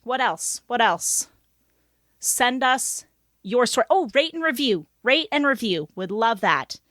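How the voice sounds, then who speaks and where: A woman co-hosting a podcast, reading funny stories aloud in an animated, giggly way. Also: fairly high pitch, measured pace, no echo, studio quality. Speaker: podcast co-host.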